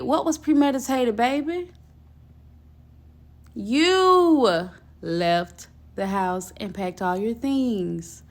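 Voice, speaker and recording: A young woman telling a personal story in casual storytime style, blunt and expressive, swearing freely. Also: a little high, slow.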